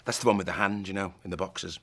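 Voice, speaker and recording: A man in an interview recalling filming in a quick, self-mocking way. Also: low voice, steady tone, a bit bright. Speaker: actor interviewee. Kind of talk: interview reminiscing.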